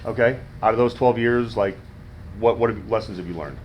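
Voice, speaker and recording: A man's voice: on the low side, fairly quick, muffled recording, a little hiss or hum. Man coaching in an echoey hall. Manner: animated, demonstrates cadences, coaxing. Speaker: wrestling promo coach. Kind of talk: casual teaching. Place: wrestling school training room. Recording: echoey room from far off.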